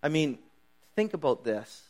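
A man's voice: a little high, sing-song, unhurried, a little mellow. A middle-aged man preaching a sermon in a casual, conversational way, briefly acting out the voices of biblical figures. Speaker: pastor.

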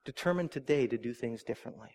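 A middle-aged man preaching a sermon, earnest and animated, with asides to the congregation. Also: medium pitch, quick pace. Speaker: pastor.

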